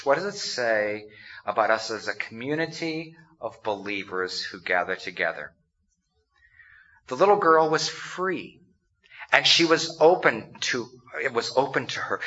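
A man's voice: medium pitch, sharp tone. A man preaching a conversational sermon, acting out quotes and laughing along as he tells the story. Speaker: pastor. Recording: dull lo-fi sound.

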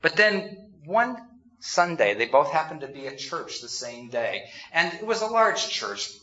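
A male pastor delivers a sermon in a bright, fairly high voice that swings widely in pitch. He talks conversationally and acts out the lines he quotes. The recording is dull and lo-fi. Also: sing-song, measured pace. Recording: dull lo-fi sound.

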